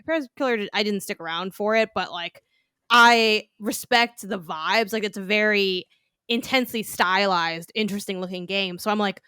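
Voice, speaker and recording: A woman co-hosting a gaming podcast, chatting in an animated, rambling way. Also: medium pitch, normal speed, smooth, dry recording, studio quality. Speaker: podcast co-host. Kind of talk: casual chat.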